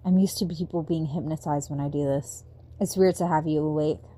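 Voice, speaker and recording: A woman voicing a calm, serious teenage boy vampire in an audiobook reading, speaking slowly and quietly. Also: low-pitched. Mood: grave.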